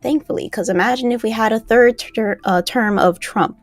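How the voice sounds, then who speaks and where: A woman's voice: fairly high pitch, normal speed, no echo, soft background music. A woman with a mostly neutral American accent and a faint Southern edge, co-hosting a livestream, reading out segments in a chatty, playful way. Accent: neutral American, a little Southern at times. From New Jersey, raised in Florida. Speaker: co-host. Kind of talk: casual livestream chat, reading horoscope and history.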